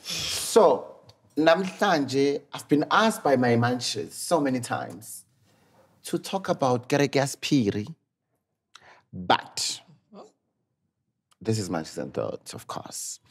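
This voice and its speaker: A man's voice: medium pitch, sing-song, slow, long pauses, breathy edge. A man with a South African accent hosting a podcast, framing questions in a loose, rambling way. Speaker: host. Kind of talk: podcast discussion.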